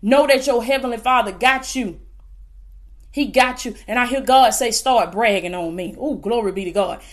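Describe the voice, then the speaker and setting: A woman's voice: on the high side, normal speed. A woman preacher with a Southern US accent delivering a fervent prophetic sermon to camera, often calling her listeners "baby". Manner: fervent, calls listeners "baby", bursts of exclamation.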